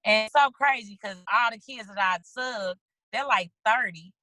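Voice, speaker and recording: Bright-voiced woman on a video call. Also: on the high side, moderate pace, no room sound, poor audio. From St. Louis, USA. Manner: animated storytelling, acts out little quoted lines. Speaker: guest, children's book author. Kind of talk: casual video-call interview.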